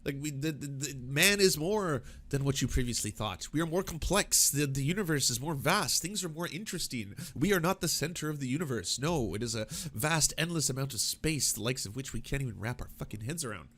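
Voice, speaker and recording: A man's voice: mid-range voice, fairly quick, hardly any pauses. Profane man reacting to clips. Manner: profane, animated, mocking asides. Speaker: political commentary host. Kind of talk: casual reaction commentary.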